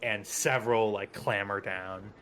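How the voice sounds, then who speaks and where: A man narrating as game master of a tabletop game, unhurried, with many ums and casual asides. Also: lowish voice, steady tone, fairly bright tone, a little hiss or hum.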